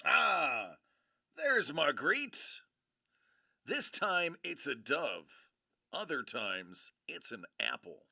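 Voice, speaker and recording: A man hosting a livestream, giving excitable, playful commentary as he opens trading card packs into a streaming mic. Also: mid-range voice, slow pace, vocal fry, no echo. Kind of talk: live card-break commentary.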